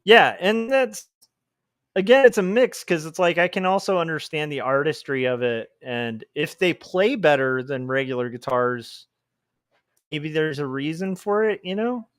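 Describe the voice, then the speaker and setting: A man's voice: on the high side, animated, moderate pace, fairly bright tone, dry recording, studio quality. A man livestreaming while he draws comics, chatting casually and reading out chat messages, with rambling asides and chuckles.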